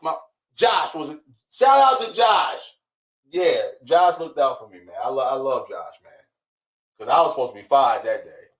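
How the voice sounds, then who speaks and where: A man's voice: medium pitch, normal speed. A man in his thirties co-hosting a podcast, telling a story in casual chat and acting out the dialogue. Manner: animated storyteller, acts out quoted dialogue, frequent "right?". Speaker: podcast co-host.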